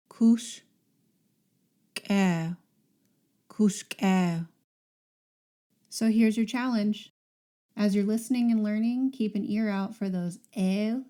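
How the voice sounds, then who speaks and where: A woman's voice: mid-range voice, mellow. A woman hosting a podcast language lesson, patiently modelling sounds and words for listeners to repeat.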